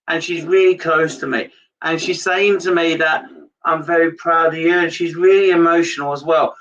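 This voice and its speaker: Man, medium on a live stream, rambling and hesitant, bright-edged voice, dull far-off mic. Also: fairly high pitch. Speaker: psychic medium. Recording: dull lo-fi sound from a distance.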